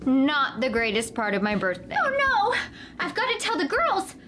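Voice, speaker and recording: Woman playing a frantic, shrill young queen. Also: normal speed, over music. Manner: excitable, shrill when panicking. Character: young queen turned into a horned villain, frantic. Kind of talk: comedy sketch acting.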